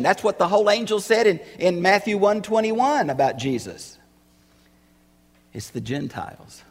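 Preacher guy, gravelly voice, pushes hard on his questions, big echoey hall. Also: high-pitched, animated, moderate pace. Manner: emphatic, rises to loud rhetorical questions. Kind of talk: sermon.

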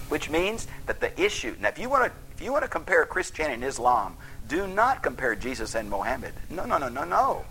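A man's voice: medium pitch, creaky, bright, forceful tone, poor audio. A man teaching the Bible in a folksy, emphatic sermon style that flares into heated outbursts.

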